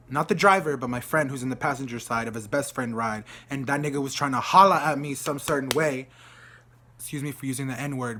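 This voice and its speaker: Exasperated man telling a story. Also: medium pitch. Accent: Texan. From Dallas, Texas. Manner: animated, exasperated retelling, acting out the other people in the story. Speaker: vlogger. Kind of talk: casual storytelling rant.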